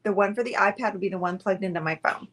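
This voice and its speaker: A woman's voice: mid-range voice, fast, a bit bright, a little hiss or hum. A woman hosting a casual live painting stream, talking chattily and rambling to viewers while she sits close to the camera at a table indoors. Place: indoors at a table, away from usual setup.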